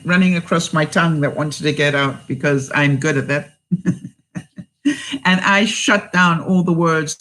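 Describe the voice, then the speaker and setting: A woman's voice: low-pitched, fairly bright tone, poor audio. A woman vlogger in a casual livestream chat, telling a story to her viewers, laughing often and asking them for their thoughts. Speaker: vlogger answering live viewers.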